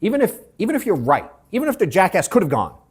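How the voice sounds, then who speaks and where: A man leading a live sales workshop, telling animated stories that act out his own reactions, swearing freely and calling the audience bro and dude. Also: high-pitched, quick pace, slightly rough. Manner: animated storytelling, mimics himself, swears, calls people bro and dude. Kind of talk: casual, joking workshop talk.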